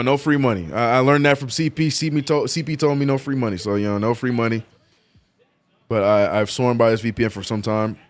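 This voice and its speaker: A man hosting a live sports watch-along, chatting casually and excitably with lots of slang and repeated "bro". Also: medium pitch. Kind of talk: casual live-stream chat.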